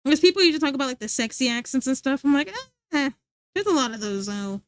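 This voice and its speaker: A woman's voice: high-pitched, expressive, rapid-fire, no echo. A young woman livestreaming from home, chatting casually with her viewers, teasing them playfully and laughing often. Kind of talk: casual chat reading stream chat. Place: home streaming setup.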